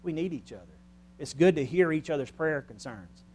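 A man preaching a sermon in a church, speaking earnestly, rising loud and then dropping soft and quiet. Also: a little high, lively intonation, a little fast.

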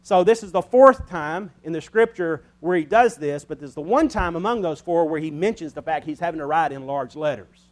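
Pastor, male, higher pitch, chatty folksy sermon delivery with chuckles. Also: brisk, hardly any pauses. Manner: folksy, conversational preaching with chuckles.

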